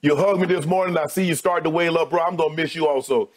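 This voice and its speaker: Middle-aged guy saying goodbye on air, emotional, thanking everybody, a bit high-pitched. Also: fast talker. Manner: heartfelt, thanking colleagues one by one, voice dropping low. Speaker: TV sports debate co-host. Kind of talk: emotional on-air farewell speech.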